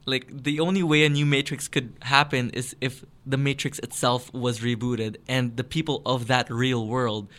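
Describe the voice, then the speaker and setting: A man's voice: medium pitch, little pitch movement, normal speed, few pauses, fairly bright tone. A man co-hosting a casual podcast, eagerly explaining film theories at length with frequent restarts. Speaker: podcast co-host.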